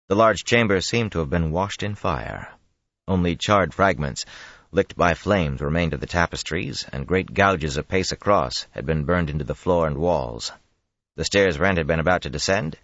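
Very deep-voiced man narrating a fantasy novel. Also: fairly bright tone, no room sound, muffled recording. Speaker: audiobook narrator.

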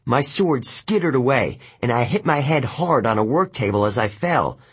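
A man narrating an audiobook in the first person, telling the story in a steady, even way. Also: medium pitch, normal speed, husky.

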